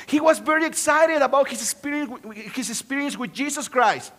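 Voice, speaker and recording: High-voiced Mexican-accented pastor preaching. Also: male voice, fairly quick, few pauses. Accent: Mexican Spanish. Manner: animated, swings from hushed to excited, joking asides. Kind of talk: sermon.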